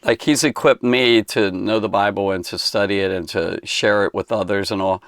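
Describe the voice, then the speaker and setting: A man with a low, gravelly voice talks through a Bible passage for children in an easygoing, rambling way. He fills pauses often and restarts his sentences, and the sound is dry and close. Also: fairly even intonation, a bit bright, no room sound. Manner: rambling, conversational, many fillers and restarts. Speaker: Bible teacher. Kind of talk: casual Bible lesson for kids.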